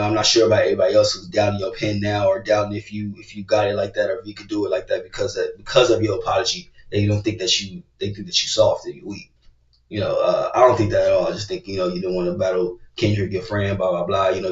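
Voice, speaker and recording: A man hosting a casual reaction video, talking loosely and cursing, repeating "bro, come on" as he gets excited. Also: fairly low pitch, far from the mic. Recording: roomy, dull sound from away from the mic.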